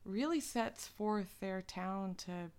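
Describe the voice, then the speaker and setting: A woman's voice: mid-range voice, slow, darkish tone. A woman interviewer in a casual chat, speaking with enthusiasm and listing points one by one.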